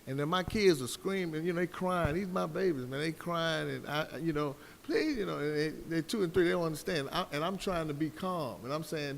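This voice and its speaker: A man's voice: on the high side, fairly quick, creaky, hardly any pauses, in a large hall, a little hiss or hum. A man on a live debate panel, telling a personal story with fervor and calling his listeners brother like a preacher.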